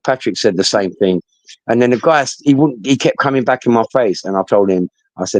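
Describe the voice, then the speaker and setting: A London man in his fifties chatting casually, rambling and swearing as he tells animated stories. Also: mid-range voice, fairly quick, no room sound, rough recording. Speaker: talker recounting stories. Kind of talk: casual chat.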